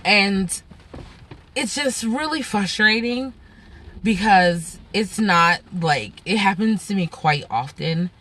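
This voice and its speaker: A woman's voice: medium pitch, animated, takes it slowly, a bit bright, slight background noise. A young woman venting to her camera at home, telling frustrated stories in a casual, exasperated way. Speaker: vlogger.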